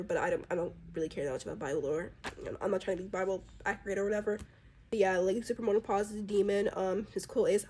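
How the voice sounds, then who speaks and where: A woman's voice: medium pitch, a little mellow, slightly rough. A woman casually chatting about her drawn characters, rambling and chatty, with plenty of fillers. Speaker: artist presenting her characters. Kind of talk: casual chat.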